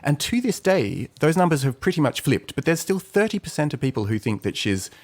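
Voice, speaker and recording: A man co-hosting a history podcast, explaining events in a measured, thoughtful way. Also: a little high, big pitch swings. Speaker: podcast co-host. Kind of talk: casual history podcast chat.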